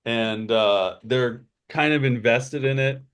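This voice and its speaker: Male game master, relaxed slow delivery, rambling narration. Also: mid-range voice, clean tone. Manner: unhurried, full of fillers. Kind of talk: running a tabletop game.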